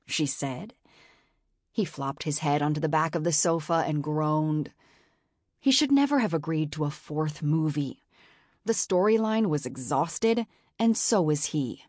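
A woman narrating a novel in a measured, expressive audiobook style. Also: sits low, no echo, studio quality. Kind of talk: scripted narration.

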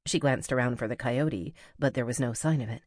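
A woman narrating a novel as an audiobook reader, in a measured, even storytelling manner. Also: very deep voice, no echo, clean studio sound. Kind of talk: scripted narration.

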